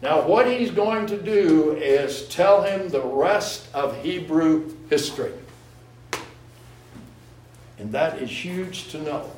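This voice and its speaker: Male pastor, teaching sermon, fairly high voice, echoey church, mic at a distance. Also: animated, slow, a little mellow, a little hiss or hum. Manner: teaching, explaining Hebrew words to the congregation. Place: church sanctuary. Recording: echoey room, voice from far off.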